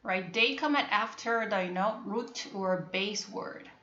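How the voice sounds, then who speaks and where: A woman with a Korean accent, a native Korean speaker, teaching an English phonics lesson to a class, repeating words slowly and checking that students understand. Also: mid-range voice, bright, forceful tone, slight background noise. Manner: repetitive, drills words and asks if students understand. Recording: echoey classroom, dull lo-fi sound.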